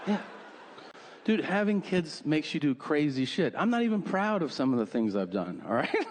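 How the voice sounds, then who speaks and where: A middle-aged man doing a stand-up set, pitched a touch high, piling up profane, exaggerated stories and snapping into acted-out voices. He works a handheld mic on a club stage. The live room stays clearly audible behind him. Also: sing-song, moderate pace. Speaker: stand-up comedian. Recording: live club recording with crowd noise.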